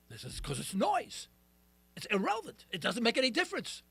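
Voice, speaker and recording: A middle-aged male talk radio host delivers an emphatic, ranting monologue, now and then poking fun at himself. His voice sits very high and sounds bright and sharp, and his pitch swings widely. The studio sound is close and dry. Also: huge pitch swings, brisk, creaky, slightly rough, dry recording. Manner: emphatic, ranting, self-deprecating. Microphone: studio mic.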